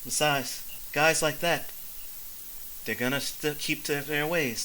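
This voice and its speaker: A woman playing a tabletop game, talking in character in a relaxed, chummy way. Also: low-pitched, slow pace, a little hiss or hum, low-quality recording. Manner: relaxed, chummy, laughs between lines. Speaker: player. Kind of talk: in-character tabletop role-play.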